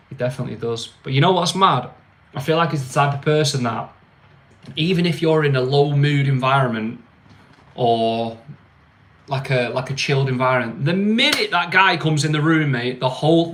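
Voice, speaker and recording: A man's voice: mid-range voice, fairly bright tone. A young man with a slangy, mocking manner, chatting casually on his own livestream. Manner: slangy, mocking, laughs often. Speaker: livestream host.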